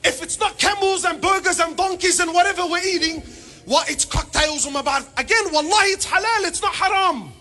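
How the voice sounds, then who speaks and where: A man giving a humorous religious talk to an audience, animated and full of rhetorical questions, with Arabic phrases mixed in. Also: extremely high pitch, a little fast. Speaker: panel speaker.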